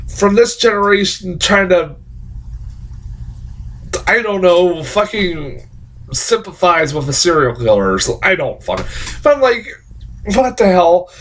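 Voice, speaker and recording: Excitable, profane man reviewing a movie. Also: high-pitched. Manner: profane, excitable, laughing, rambling with restarts.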